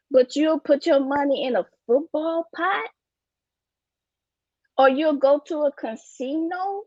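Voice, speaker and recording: A woman guest speaker gives an emphatic, preachy motivational talk about finances, repeating catchphrases like "you get what I'm saying." Her voice is high with a darkish tone, and the recording is dry and dull.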